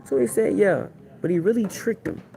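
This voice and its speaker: A man's voice: sits high, quick pace, gravelly, noisy background. A man preaching in a rambling live stream from a plane, often checking that listeners follow him. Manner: repetitive, keeps asking "you see what I'm saying". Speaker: self-styled high priest preaching online. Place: airplane cabin.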